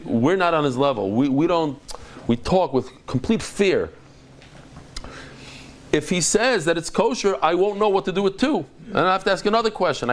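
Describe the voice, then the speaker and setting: A man teaching a daily Talmud class as a rabbi, explaining in an animated, dramatic way with quick restarts. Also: fairly high pitch. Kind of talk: lively Talmud lecture to a live group.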